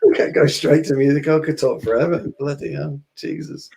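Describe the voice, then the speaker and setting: A man's voice: fairly high pitch, fairly even intonation, fairly quick, vocal fry, a little mellow. A man co-hosting a casual podcast. He talks with eager enthusiasm and breaks into laughter often. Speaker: podcast co-host. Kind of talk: casual chat.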